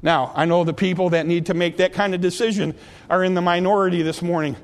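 A pastor in a church sanctuary delivers a sermon with an altar call and prayer, earnestly repeating questions to the congregation before leading them in prayer. His voice is high-pitched with fairly even intonation, and he speaks at a quick pace.

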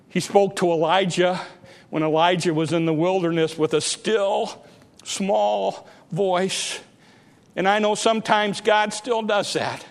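Male preacher, high voice, dramatic sermon style with shouted peaks, long church-hall reverb. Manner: dramatic, rising to shouts, repetitive emphasis.

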